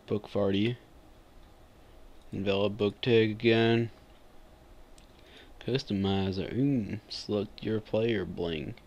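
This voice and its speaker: A man giving relaxed gameplay commentary, often mumbling to himself. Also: lowish voice, slow, long pauses, dull audio. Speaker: gamer.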